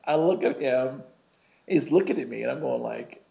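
Guy preaching in a loose chatty way, gravelly voice, kinda muffled lo-fi recording. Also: medium pitch, normal speed. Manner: casual, rambling, frequent "you know" and "right?". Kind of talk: conversational sermon with personal story.

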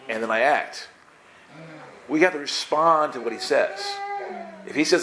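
A man's voice: a little high, expressive, a bit bright, slight background noise. Playful man teaching the Bible. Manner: playful, acts out characters in quick voices.

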